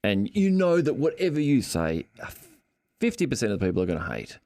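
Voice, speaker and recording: A man hosting a casual podcast chat, joking and throwing in quick remarks. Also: medium pitch, sing-song, a little mellow, no room sound, clean studio sound. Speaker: podcast host.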